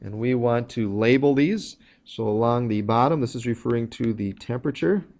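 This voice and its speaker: A man's voice: mid-range voice, normal speed, gravelly, darkish tone. A man teaching a recorded math lesson, walking through each step plainly with some fillers. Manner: plain explanatory, walks through steps with fillers.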